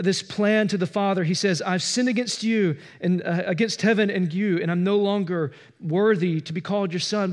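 Earnest pastor preaching, higher-pitched man. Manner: earnest, swings from loud to hushed. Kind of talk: sermon. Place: church.

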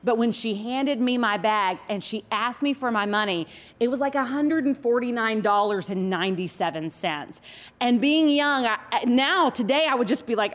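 A middle-aged woman shares an embarrassing memory from a church stage, expressive and laughing at herself. Her voice sits fairly high for a woman, and she speaks in a lively storytelling manner. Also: normal speed. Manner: expressive, self-deprecating storyteller. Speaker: pastor's wife, co-speaker. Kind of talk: sermon storytelling.

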